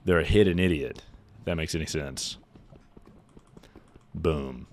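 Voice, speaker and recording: A man's voice: rumbling low, a little slow. A young man livestreaming a game, chatting casually with his viewers, joking and swearing as he answers their messages. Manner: loose and joking, swears freely, answers chat out loud. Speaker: livestreamer playing a game and reading chat. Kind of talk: casual stream chat.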